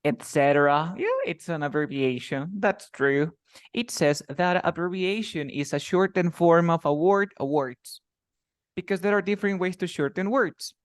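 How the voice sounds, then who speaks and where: Spanish-speaking English teacher, dry sound. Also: male voice, sits high, moderate pace, no echo. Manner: explains with many examples and repeats himself. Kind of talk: casual online lesson.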